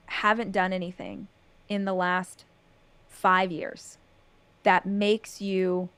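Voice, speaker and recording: A woman's voice: medium pitch, no room sound. A woman hosting a podcast, talking earnestly and enthusiastically to motivate her listeners. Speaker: podcast host.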